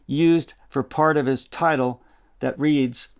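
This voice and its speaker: A man narrates a nonfiction audiobook at a mid-range pitch. His reading is measured and deliberate. He stops to spell out names letter by letter. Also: fairly even intonation, clean tone.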